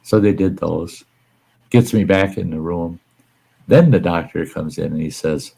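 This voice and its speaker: A man with a deep, low voice hosts a casual livestream chat. He tells his stories bluntly, swearing freely and acting out each person in them. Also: a little slow, creaky, dark tone, husky. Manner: blunt, profane, acts out the people in his stories. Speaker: livestream host.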